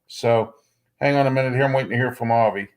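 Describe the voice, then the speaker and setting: A man's voice: mid-range voice, quick pace, a little mellow. Blunt, rambling man hosting sports talk. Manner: blunt, opinionated, rambling with many fillers and "okay?". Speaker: sports talk show host. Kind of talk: casual sports talk monologue.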